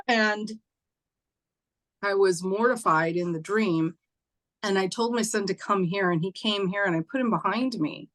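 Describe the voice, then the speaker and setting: A woman's voice: measured pace, pauses often. A woman telling a personal ghost story in casual chat, acting out what people said in a lifted voice. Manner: animated, acts out quoted voices with raised pitch; conversational, with fillers and occasional laughs. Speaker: spiritual teacher and host.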